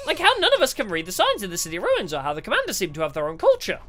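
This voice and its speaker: A man's voice: high voice, huge pitch swings, racing, a bit bright. A man streaming a story game, joking, laughing often and reading the narration aloud. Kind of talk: casual game stream commentary.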